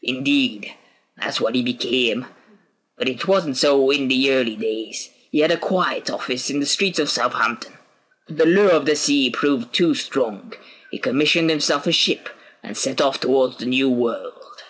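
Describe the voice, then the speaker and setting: A man's voice: mid-range voice, unhurried, a bit bright. A man voicing an old male sailor who tells a story in a dramatic storyteller's manner. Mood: storytelling.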